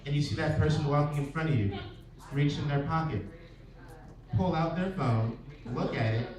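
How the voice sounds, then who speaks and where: A man's voice: on the high side, normal speed, a little mellow. A man doing stand-up at an open mic, talking casually and acting out little scenes with changing voices. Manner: conversational, acts out little scenes with shifting voices. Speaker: stand-up comedian. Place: small bar at an open mic night. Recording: echoey room, mic heard from a distance, crowd laughter.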